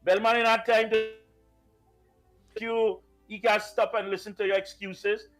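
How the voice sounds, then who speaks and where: A man's voice: high voice, little pitch movement, a little slow, a bit bright. A Trinidadian man co-hosts a live talk show in a slightly raised voice. He teases and repeats phrases in playful banter. Faint music plays behind him. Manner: playful, teasing, repetitive.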